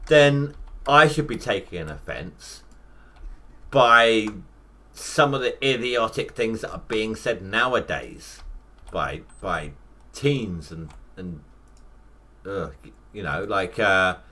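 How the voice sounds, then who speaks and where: A man's voice: on the low side, expressive, slow, bright, forceful tone. A man in his thirties, rambling through casual live gameplay commentary with self-mocking asides. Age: 30s. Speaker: gaming livestreamer.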